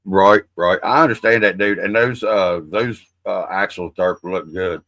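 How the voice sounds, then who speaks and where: A man's voice: low-pitched, a little slow, fairly bright tone, no room sound. A middle-aged man hosting a livestream, rambling in a folksy, profane, casual way. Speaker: livestream host.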